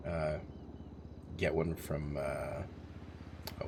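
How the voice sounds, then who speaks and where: Low-voiced profane man in his forties. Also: little pitch movement, slow, gravelly, long pauses, background noise. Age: 40s. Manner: rambling, profane, chuckling. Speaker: streamer. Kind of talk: casual storytelling on a live stream.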